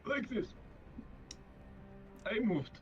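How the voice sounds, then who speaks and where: Slow, high-voiced man swearing bluntly. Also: animated, slightly rough, muffled recording, faint music behind. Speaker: player. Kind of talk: casual tabletop game chat.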